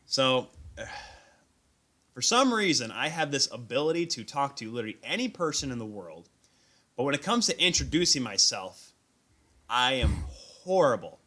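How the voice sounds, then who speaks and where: A man hosting a live sports talk stream, telling animated, self-deprecating stories about his encounters at an event. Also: medium pitch, moderate pace. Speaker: host. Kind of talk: casual sports chat. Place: remote stream call.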